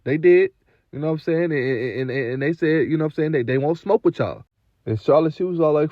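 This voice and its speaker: A man's voice: fairly high pitch, fairly quick, no room sound, highs cut off. A man recapping a wrestling show in a casual, profane, slang-heavy rant full of repeated fillers.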